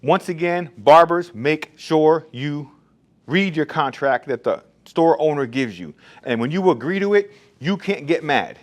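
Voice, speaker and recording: A man's voice: on the high side, lively intonation, unhurried. Blunt, no-nonsense barbershop owner man. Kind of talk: casual straight-talk monologue.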